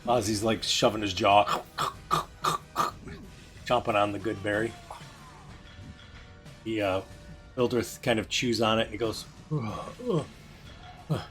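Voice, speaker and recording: A man running a tabletop game as game master, narrating in a casual, halting way. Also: lowish voice, little pitch movement, fairly bright tone. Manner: casual, many fillers and restarts. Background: faint music.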